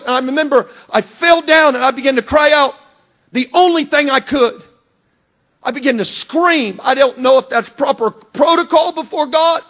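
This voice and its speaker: Very high-pitched, impassioned male preacher. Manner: impassioned, often shouting, dramatic swings in volume. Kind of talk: sermon.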